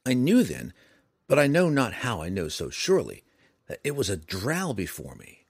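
A man's voice: huge pitch swings, moderate pace, creaky, breathy edge, no echo, studio quality, heavily acted. A man voicing a fat-bellied tavern storyteller with a shaky, quivering voice in a fantasy audiobook. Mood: dramatic boasting. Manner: shaky, quivering, higher-pitched voice.

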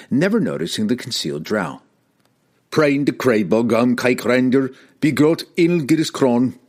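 A man's voice: on the low side, darkish tone, breathy edge. A man reading a fantasy novel aloud as an audiobook narrator, telling the action with dramatic expression.

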